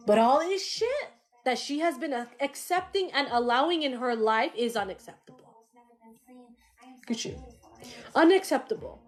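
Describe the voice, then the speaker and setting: A woman giving a live-streamed psychic reading in a casual, animated way, swearing and laughing often. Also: sits high, normal speed, pauses often. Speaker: psychic medium.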